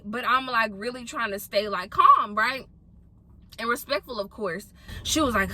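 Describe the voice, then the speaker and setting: A young woman from Houston, telling a travel story to her vlog viewers in a casual, animated way and acting out what people said. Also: a little high, moderate pace. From Houston, Texas. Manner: animated, acts out other people's lines in quoted voices. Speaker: vlogger.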